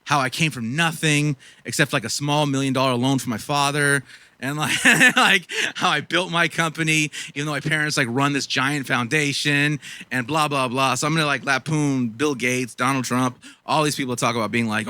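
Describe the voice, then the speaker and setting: A man's voice: on the high side, fairly quick, bright, forceful tone, no room sound. A man in his forties from Los Angeles performing spoken word poetry with a rhythmic, earnest delivery and casual asides. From Los Angeles, USA. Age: 40s. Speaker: poet.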